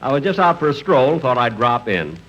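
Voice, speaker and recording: A man's voice: mid-range voice, sing-song, brisk, a bit bright, muffled recording. A middle-aged man playing a vain, thrifty comedian in a 1950s radio comedy, with dry, incredulous timing. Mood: breezy, friendly. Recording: faint hiss of old radio broadcast.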